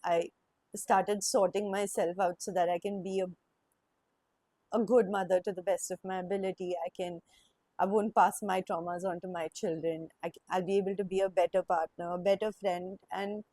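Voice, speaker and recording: Young woman vlogger, mellow voice, dry close sound; halting, emotional confessional monologue. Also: on the low side, little pitch movement, no echo. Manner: emotional, halting, with sighs and restarts.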